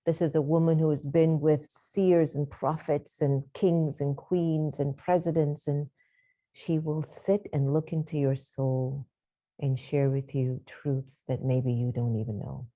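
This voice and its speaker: Woman host, low voice, very dark tone, effusive guest introduction. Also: steady tone, unhurried. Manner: effusive, admiring.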